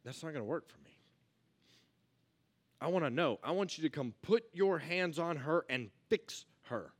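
A man giving a casual youth sermon, energetic and full of rhetorical questions, swinging between loud and hushed. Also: fairly high pitch, normal speed. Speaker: youth pastor.

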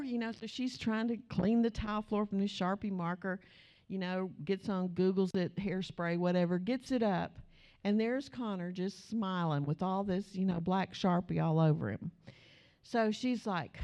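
Chatty woman preaching, mellow voice. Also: medium pitch, moderate pace. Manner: chatty, animated storyteller, addresses the congregation directly. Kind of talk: sermon with storytelling.

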